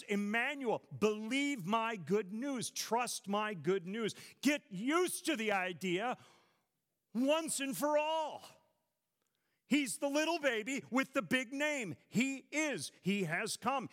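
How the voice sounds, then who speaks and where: A man's voice: sits high, fairly bright tone. A man preaching a Christmas sermon and leading a prayer, speaking dramatically with strong emphasis, in a church. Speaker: pastor. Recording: reverberant hall.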